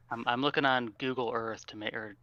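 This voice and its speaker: A man co-hosting a podcast, cracking jokes in casual chat. His voice is bright and forceful. The recording is a little dull and lo-fi. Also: medium pitch, fairly even intonation, moderate pace.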